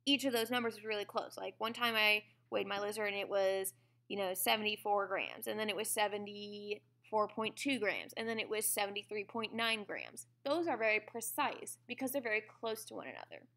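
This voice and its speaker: An American woman with a medium-pitched, fairly bright voice talks a little fast while teaching a science lesson in class. Her conversational lecture is peppered with check-ins like "okay?" and "all right?".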